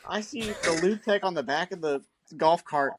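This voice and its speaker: A man's voice: high-pitched, moderate pace, background noise. A man on a podcast, adding context to a story with amusement and laughter. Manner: amused, laughing while recounting. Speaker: podcast co-host. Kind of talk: casual storytelling chat.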